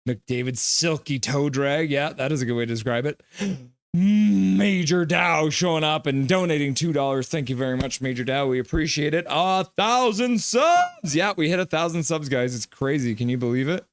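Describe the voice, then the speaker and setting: A man hosting a live hockey reaction stream, calling plays and reading out chat messages with excitement. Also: a little high, moderate pace, dry recording, clean studio sound. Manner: excitable, chatty, reads chat aloud.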